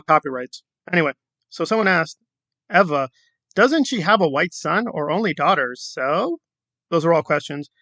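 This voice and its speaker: A man's voice: a little high, a bit bright, no echo. A man hosting his own online commentary channel, talking in a sarcastic, mocking, emphatic way.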